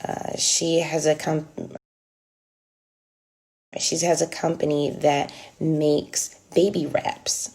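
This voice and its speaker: A woman's voice: low-pitched, level tone, slow, pauses often, a little mellow. A woman hosting a casual livestream close to her phone, chatty with many ums and restarts. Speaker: livestream host. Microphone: phone held close.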